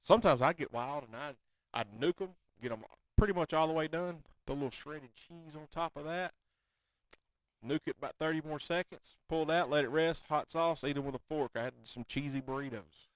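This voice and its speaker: A man's voice: on the high side, brisk, no echo. A man, hosting a casual podcast and telling stories in a laid-back way, laughing often. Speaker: podcast host. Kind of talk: casual chat.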